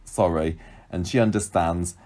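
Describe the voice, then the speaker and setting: A man's voice: low-pitched, fairly even intonation, measured pace, dark tone. A man co-hosting a podcast, recapping a soap in casual chat and acting out the characters' lines. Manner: chatty, acts out characters' lines with laughs. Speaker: podcast co-host.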